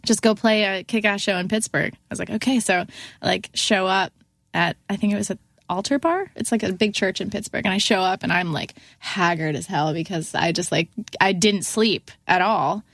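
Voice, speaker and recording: A young woman chatting on a podcast, retelling a wild road story with lots of "like"s and sudden jumps up in pitch when she quotes people. Her voice sits mid-range, close and dry on the mic, with no room sound around it. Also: normal speed, no room sound. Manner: animated, acts out quotes in a raised voice, many fillers of "like". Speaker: guest musician. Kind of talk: casual storytelling in a podcast chat.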